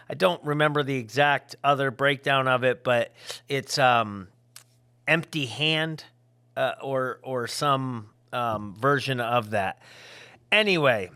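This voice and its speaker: A middle-aged man, a former pro wrestler, talking casually to his viewers in a loose, rambling, jokey way that swings into loud yelling. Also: medium pitch, no room sound, studio quality. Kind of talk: casual vlog talk to viewers.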